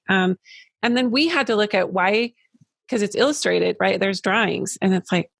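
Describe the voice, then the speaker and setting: Gravelly-voiced chatty woman host. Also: medium pitch, fairly bright tone, no room sound. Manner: chatty, laughing, quick asides. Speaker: podcast host. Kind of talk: casual conversational interview.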